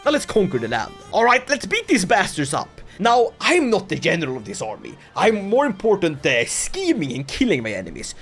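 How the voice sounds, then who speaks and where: A game commentator delivers comedic strategy game commentary packed with sarcastic asides and laughter. His delivery is lively, with swinging pitch and mock-dramatic outbursts.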